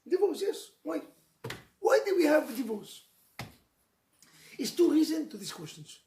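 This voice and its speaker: High-pitched gravelly rabbi preaching. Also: male voice, very animated, measured pace, a little mellow. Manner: emotional storytelling, mixes Hebrew phrases, jokes with listeners. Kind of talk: animated sermon to a live audience. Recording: echoey room with faint noise.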